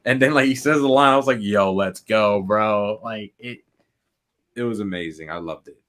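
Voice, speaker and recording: A young man co-hosting a podcast in casual chat, excitable, saying "like" constantly and laughing often. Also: medium pitch, fairly quick, noisy background. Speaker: podcast co-host.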